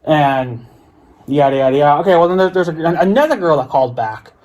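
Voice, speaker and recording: A man's voice: fairly high pitch, lively intonation, fairly quick, a little mellow, muffled recording. Profane, exasperated American man ranting. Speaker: vlogger. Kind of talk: ranting monologue.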